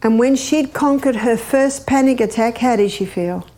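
Older woman, health educator, warm mellow tone, lively and questioning. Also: on the high side, normal speed. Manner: lively, imitates bird laughs, asks the audience questions. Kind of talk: animated teaching talk.

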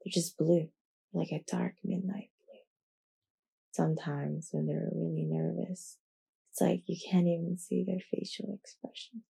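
A woman's voice: on the low side, flat delivery, measured pace, gravelly, mellow, slightly rough. A half-asleep woman improvising a story aloud, rambling, giggling and correcting herself as she goes. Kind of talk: improvised bedtime-style narration.

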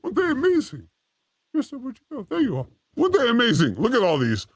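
A man's voice: extremely high pitch, huge pitch swings, fast talker, slightly rough, no echo. A man hosting a casual live-stream chat, provocative and jokey in an irreverent way. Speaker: host.

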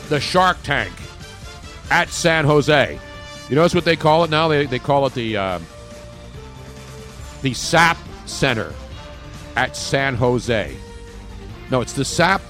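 A man's voice: medium pitch, fairly bright tone. A man hosting a casual sports podcast, rambling and joking with opinions. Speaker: podcast host.

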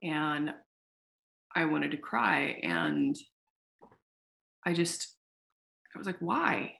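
A woman founder talking casually in an interview, telling a story with animated, acted-out quotes and casual swearing. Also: low-pitched, extremely slow, creaky. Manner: animated storyteller who acts out quoted dialogue. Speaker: founder of a sex tech company, podcast guest.

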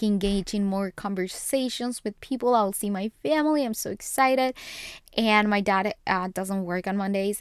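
A young woman from Colombia hosting a podcast, chatting casually and rambling as she answers quick this-or-that questions. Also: medium pitch, clear, resonant tone, dry recording, studio quality. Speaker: podcast host. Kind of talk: casual solo podcast chat.

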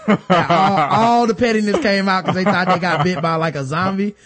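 A man's voice: sits high, moderate pace, crowd noise. A man on a podcast panel, casually telling comedic stories and laughing as he goes. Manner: animated, laughing storyteller.

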